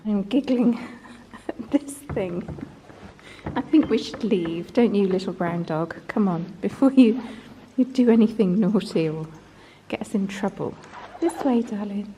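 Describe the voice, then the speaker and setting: A woman's voice: medium pitch, normal speed, mellow, slight background noise, low-quality recording. A woman co-hosting a walking vlog, chatting casually and giggling as she goes. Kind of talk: casual chat on a walk. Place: outdoors on a coastal walk.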